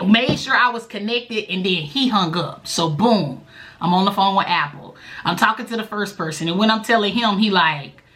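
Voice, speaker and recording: A woman vlogger, telling a story in a chatty, animated way straight to the viewer. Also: moderate pace. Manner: bursts into a high, loud voice when quoting herself. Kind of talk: casual storytime vlog.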